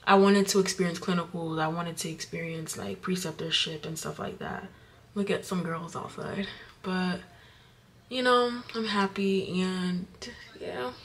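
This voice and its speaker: A woman's voice: lowish voice, slight background noise. A young woman chatting casually in a vlog about starting nursing school, emotional and full of "like" and "you know", indoors by a window. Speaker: vlogger, nurse starting midwifery school.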